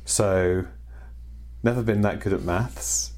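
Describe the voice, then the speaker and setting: A man chatting at home, halting and self-mocking. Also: sits low, darkish tone. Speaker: podcast host. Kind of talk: casual chat at home.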